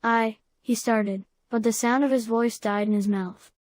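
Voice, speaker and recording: Woman narrator, storybook reading, slightly high voice, dry close-mic sound. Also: steady tone, moderate pace, a little mellow, no echo. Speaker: audiobook narrator.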